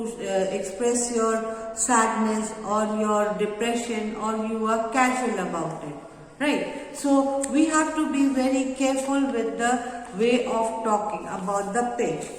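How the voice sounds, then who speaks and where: A woman teacher with an Indian English accent, explaining a lesson to children, with many fillers and repetitions. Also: on the high side. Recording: echoey room with long reverb.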